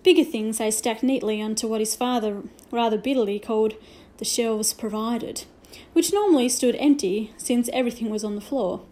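A woman reading a children's novel aloud with gentle storytelling and hushed asides. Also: fairly high pitch, normal speed, few pauses. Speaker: reader.

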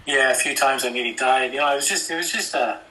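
A man's voice: medium pitch, quick pace, bright, forceful tone, recorded from a distance, rough recording. An Irish man from Ireland telling rambling, profane anecdotes in a casual podcast chat. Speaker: podcast guest.

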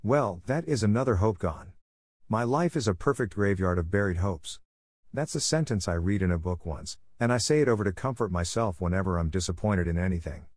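A man's voice: sits low, animated, fairly quick, darkish tone, no room sound, studio quality. A man reading the part of an eager, dreamy eleven-year-old orphan girl in an audiobook, in a gushing way.

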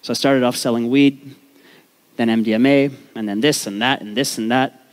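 On stage, a man from Vancouver, Canada, tells his life story as a comedic talk, candid and profane, tossing joking asides to the crowd. He speaks at normal speed with a medium pitch and steady tone.

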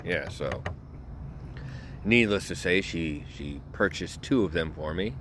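Deep-voiced young man rambling. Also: slow, a little hiss or hum. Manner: animated, joking, self-interrupting storyteller. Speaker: podcast host. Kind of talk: casual rambling monologue.

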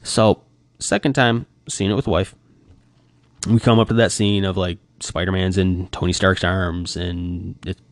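A middle-aged man with a low, gravelly voice chats animatedly to camera, acting out the reactions he describes. The sound is dry and close, with no room in it. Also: a little slow, no echo. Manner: animated, acting out quoted reactions, heavy use of "like". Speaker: vlogger. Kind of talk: casual monologue retelling a movie reaction.

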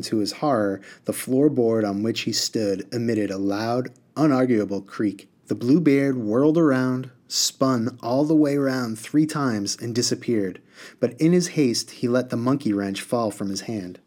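A man reads a novel aloud in a steady, measured storytelling voice. His pitch sits in the middle of the range. He also stops to talk the book through with a listener. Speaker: reader and discussion leader. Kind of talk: reading a novel aloud and discussing it.

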